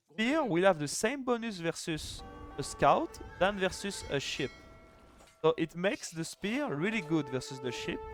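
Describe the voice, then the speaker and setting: A young man casting a live strategy game final, chatty and joking, with lots of "like" fillers. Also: a little high. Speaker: esports caster.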